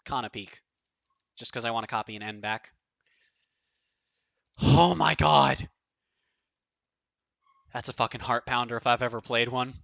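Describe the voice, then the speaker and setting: A man streaming his own online card game tournament, thinking aloud, counting out numbers and swearing often, his voice going a bit hoarse. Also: mid-range voice, steady tone, measured pace, long pauses, a bit bright, no room sound. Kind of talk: excited live commentary of own play.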